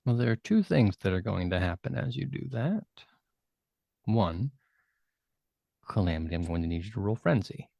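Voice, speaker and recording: A man narrating a tabletop role-playing game as game master, with vivid, measured storytelling and hushed dramatic turns. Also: on the low side, lively intonation, creaky, no room sound.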